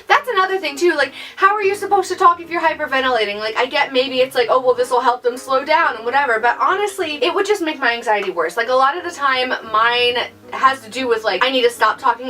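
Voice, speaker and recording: A young woman ranting in a casual vlog, exasperated and sarcastic, mocking others in high voices. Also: bright, forceful tone, distant mic. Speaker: YouTuber.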